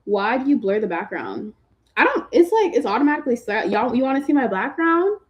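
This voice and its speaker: Sing-song and fairly quick, this high-leaning female voice belongs to a Massachusetts livestreamer. She chats casually with viewers, answering their questions with lots of "like," slang, and playful teasing, recorded on a computer mic for the stream.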